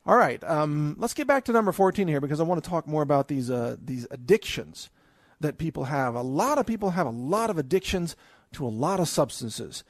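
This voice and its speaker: Guy talking seminar style, kinda high voice, bone dry close mic, chatty and pushy, lots of uh and restarts. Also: no echo. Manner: chatty and emphatic, with a chuckle, many restarts and fillers. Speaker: podcast host. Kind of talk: recorded audio seminar.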